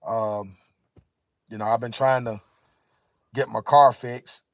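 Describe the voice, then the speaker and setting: A man's voice: medium pitch, steady tone, slow, a bit bright, dry recording. A tired, tearful man talking casually to viewers on a livestream from inside his car, worn out and weary. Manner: tired, weary slang-heavy talk. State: exhausted, tearful.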